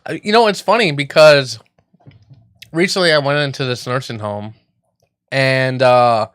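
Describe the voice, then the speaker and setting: A man co-hosting a radio talk show, his voice smooth and clear. His banter is loose and profane, with laughs running through it. The mic sounds dry and close, with no room around him. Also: medium pitch, measured pace, a bit bright, dry recording. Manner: loose, swearing, laughs often. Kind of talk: casual banter.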